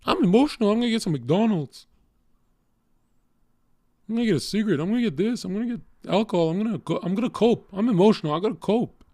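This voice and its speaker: A man voicing a needy, self-pitying emotional guy in a shrill mocking whine, listing what he will use to cope. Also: animated, quick pace, a little mellow. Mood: mocking whiny.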